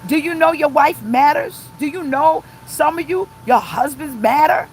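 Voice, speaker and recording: A middle-aged woman pastor giving an impassioned, emphatic, repetitive live-streamed sermon from inside a car, pausing to read viewer comments. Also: sits high, a little hiss or hum, poor audio.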